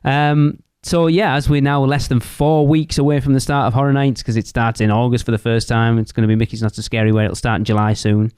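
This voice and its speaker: A man's voice: mid-range voice, fairly quick, few pauses, smooth, dry recording, studio quality. A man co-hosting a fan podcast, chatting casually and joking around. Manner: joking, relaxed banter. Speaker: podcast co-host. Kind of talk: casual chat.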